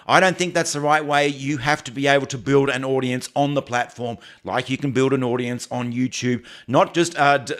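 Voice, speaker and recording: Halting Australian man hosting a livestream. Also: mid-range voice, a bit bright. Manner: halting, often restarts and repeats phrases. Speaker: livestream host. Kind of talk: casual livestream chat, reading viewer comments.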